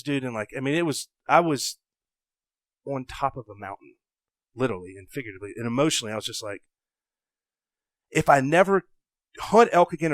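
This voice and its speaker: Man, young adult, podcast guest spinning a lively yarn, loud to hushed, dry close sound. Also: fairly high pitch, dry recording. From American South. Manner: excitable, swings from loud bursts to hushed asides; acts out his own past thoughts in quoted lines. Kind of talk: animated storytelling.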